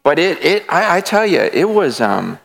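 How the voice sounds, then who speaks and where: A man's voice: fairly high pitch, big pitch swings, normal speed, gravelly, a bit bright. A man speaking to a gathered room, telling a passionate personal faith story in an earnest, emphatic way with touches of self-deprecating humor. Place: room with a live audience.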